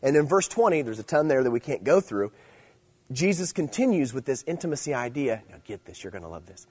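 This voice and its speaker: A middle-aged man preaching to teenagers, swinging between loud emphasis and quiet asides. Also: medium pitch, big pitch swings, a little fast, slightly rough. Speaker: youth speaker. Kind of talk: sermon.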